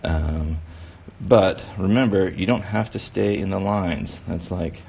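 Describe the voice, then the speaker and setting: In a casual drawing session for children, a male instructor rambles along encouragingly, peppering his speech with "you know." His voice is deep, creaky, and darkish, at a moderate pace, with slight background noise behind it.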